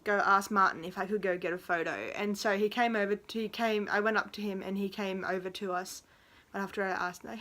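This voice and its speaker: A woman's voice: medium pitch, fairly even intonation, normal speed, a bit bright. Rambling giggly young woman. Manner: rambling and giggly, full of fillers. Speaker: vlogger. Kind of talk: storytime vlog.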